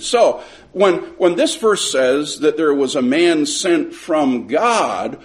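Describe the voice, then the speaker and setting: A middle-aged man leads a Sunday school lesson as a storyteller. His voice swings widely in pitch as he acts out both sides of a conversation. He often repeats words as he gets going.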